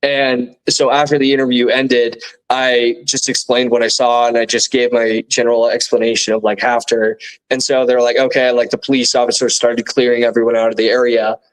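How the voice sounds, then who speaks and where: A young man as an interview guest, recounting what he saw in a halting, casual way with many fillers and restarts. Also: mid-range voice, flat delivery, rough recording. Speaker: guest eyewitness.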